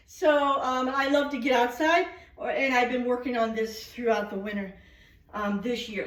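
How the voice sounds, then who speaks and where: A woman with a somewhat high voice chats her way through a home video, loose and rambling, often pausing on ums. She sounds a little out of breath from exercise. The room around her is echoey. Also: recorded from a distance. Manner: chatty, rambling with many ums. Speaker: lifestyle vlogger. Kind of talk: casual home vlog. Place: at home, workout area then kitchen.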